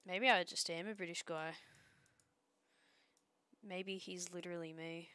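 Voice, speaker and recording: A young woman streams and chats casually while she draws pixel art, joking and rambling with trailing restarts. Her voice is bright and crisp. She is recorded close on a dry mic. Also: on the low side, steady tone, measured pace, long pauses, dry recording.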